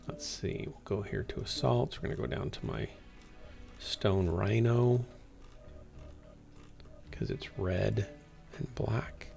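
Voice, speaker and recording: This gamer's fairly low, gravelly, darkish voice moves slowly with many pauses, and faint music sits in the background. Tired and yawning, he chats casually with a small stream audience and talks to himself mid-game.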